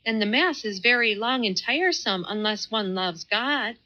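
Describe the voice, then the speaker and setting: A simple, devout young village woman pleads in a raised, bright voice, as a female narrator voices her. She sounds earnest and cheerful. The audio is a little dull and muffled. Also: a little high, lively intonation, moderate pace. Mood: eager.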